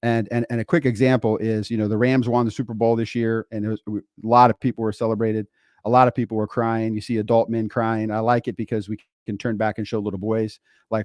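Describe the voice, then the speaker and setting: Host: middle-aged man, low voice, dry close sound, preachy casual coach. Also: level tone, fast talker, a little mellow, no room sound. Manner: conversational and preachy, lots of fillers and rhetorical questions. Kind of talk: motivational podcast talk.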